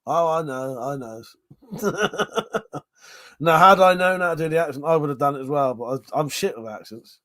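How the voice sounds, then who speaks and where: A man's voice: a little high, expressive, moderate pace, long pauses, pushed and bright, dry recording. A man hosting a livestream, casually chatting, reading viewer comments and laughing often through crude banter. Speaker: livestream host.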